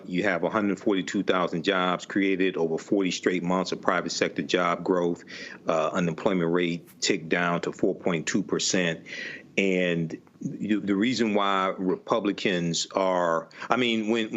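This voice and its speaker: Low-voiced man, halting political commentary. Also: a bit bright, muffled recording. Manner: halting, with many fillers and restarts. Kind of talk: panel discussion.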